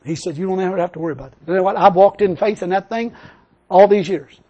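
A man's voice: sits high, quick pace, warm tone, highs cut off. An older man preaching a sermon, telling a personal story and then building into emphatic preaching. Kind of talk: sermon testimony.

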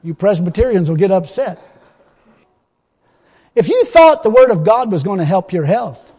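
Husky, high-voiced preacher man in a church hall. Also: big pitch swings, normal speed. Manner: impassioned, swings between loud exhortation and low confiding asides; folksy, colloquial grammar. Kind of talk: sermon.

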